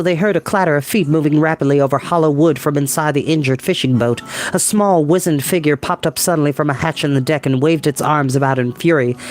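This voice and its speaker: A man reading a children's novel aloud as a storyteller, measured and expressive. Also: on the high side.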